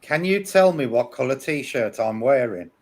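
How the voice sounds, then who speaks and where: A man, a paranormal investigator, talks casually with his group and asks questions into the quiet. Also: mid-range voice, expressive, measured pace. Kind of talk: casual group discussion during a spirit session.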